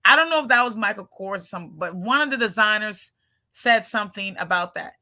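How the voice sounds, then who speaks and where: A woman's voice: medium pitch, expressive, brisk, sharp tone. A woman hosting her channel, chatting casually with viewers in a brash, joking way and laughing often. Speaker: channel host.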